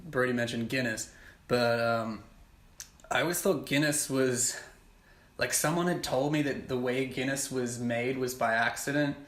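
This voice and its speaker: A young man co-hosting a podcast with friends, jokey, swearing and quick to tease. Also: medium pitch, fairly even intonation, a bit bright. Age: young adult. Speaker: podcast co-host. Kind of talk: casual banter. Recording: echoey room.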